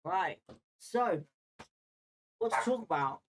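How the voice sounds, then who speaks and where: A man's voice: high-pitched, expressive, slow pace, heavy background noise. Brief: man, football watchalong host, casual and opinionated, chats directly to viewers. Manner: opinionated, talks straight to viewers. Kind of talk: casual live match watchalong chat, reading viewer comments.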